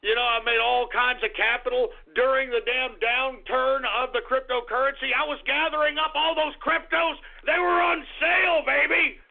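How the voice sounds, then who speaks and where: A man hosting a radio show, ranting angrily, swearing and swinging between low grumbling and shouting. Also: steady tone, normal speed, vocal fry, few pauses. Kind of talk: ranting call-in radio talk. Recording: tinny phone-like radio recording.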